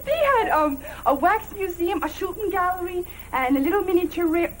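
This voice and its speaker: An actress playing a chatty young woman in a 1970s period TV drama, telling a lively story and breaking into laughter. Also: very high-pitched, normal speed, slight background noise, rough recording. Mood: excited. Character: chatty young Irish woman back from a day out.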